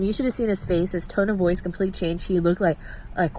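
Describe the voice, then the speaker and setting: Woman, vlogger, somewhat low voice, chatty storytime, handheld camera in a mall. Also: very fast, a little hiss or hum. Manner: animated, chatty, many "like" fillers. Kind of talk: casual storytime chat. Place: shopping mall.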